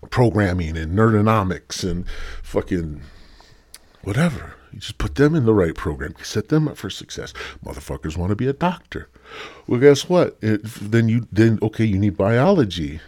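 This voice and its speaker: Husky, profane man ranting solo. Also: on the low side, animated, normal speed, a little mellow, dry recording. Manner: profane, rambling, sighing, feeling sick. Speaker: podcast host. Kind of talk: rambling solo podcast rant.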